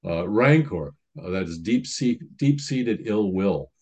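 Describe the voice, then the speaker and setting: Lower-voiced man preaching conversationally. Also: lively intonation, slow pace, darkish tone. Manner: conversational teaching, reading quotes aloud. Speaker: priest. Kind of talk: sermon.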